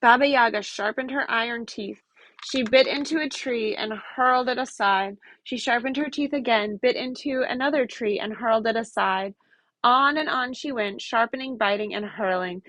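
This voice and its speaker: A woman reading a folk tale aloud to children in an expressive, lively storytelling manner. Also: a little high, moderate pace, dry recording.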